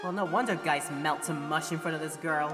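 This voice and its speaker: Woman reading a sarcastic young male lawyer in her own lowish voice, deadpan. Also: a little fast, natural voice. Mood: dry, sarcastic. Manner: dry, sarcastic. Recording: game music behind.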